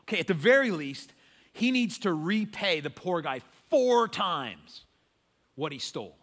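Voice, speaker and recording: A man's voice: sits high, big pitch swings, fast talker, sharp tone, heavily acted. A man voicing an ancient king, a hot-tempered man who rants in indignation. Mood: outraged. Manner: indignant, ranting.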